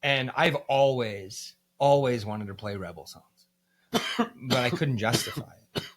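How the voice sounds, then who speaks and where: Heard first is a candid, cursing man with an ordinary, middle-pitched voice. He is from the United States. He talks through his music career in a loose podcast chat, with lots of likes and ums. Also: animated, measured pace. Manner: candid and profane, with many fillers. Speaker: band musician, guest. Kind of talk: casual podcast storytelling.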